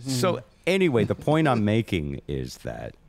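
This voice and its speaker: A man's voice: lowish voice, huge pitch swings, measured pace, gravelly, a crowd in the background. A man hosting a casual podcast chat, telling a long rambling story and poking fun at himself. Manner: rambling, self-mocking storyteller. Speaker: host.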